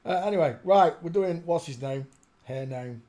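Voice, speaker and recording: An older man hosts a rambling live stream from his home desk, chatting, greeting viewers, and humming to himself while clicking around. His voice sits on the high side, with a warm tone and normal speed.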